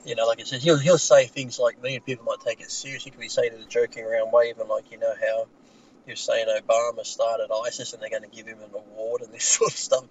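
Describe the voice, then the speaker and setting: A man's voice: mid-range voice, highs cut off, slight background noise. An Australian man talking in a blunt, casual chat, swearing freely and laughing often, recording from inside a car. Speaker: podcast co-host.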